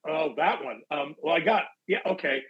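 A man and actor, chatting casually as an interview guest, telling animated stories and bursting into loud acted-out quotes. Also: fairly high pitch, moderate pace, breathy edge, muffled recording. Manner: animated storyteller, acts out quotes in big voices. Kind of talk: casual anecdotal chat.

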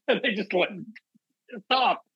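A man and actor, chatting casually as an interview guest, telling animated stories and bursting into loud acted-out quotes. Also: sits high, takes it slowly, vocal fry, breathy edge, dull audio. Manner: animated storyteller, acts out quotes in big voices. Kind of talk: casual anecdotal chat.

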